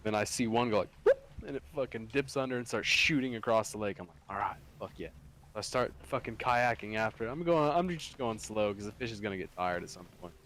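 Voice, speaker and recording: A man's voice: fairly low pitch, lively intonation, fast, few pauses, fairly bright tone. A young man in casual chat, telling a story full of swearing and laughing through his lines.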